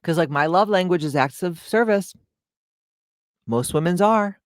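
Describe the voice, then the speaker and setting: A woman's voice: on the low side, measured pace, dry recording. Blunt, profane woman podcast host, dry sound. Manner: blunt, profane, animated storytelling. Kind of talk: casual motivational podcast monologue.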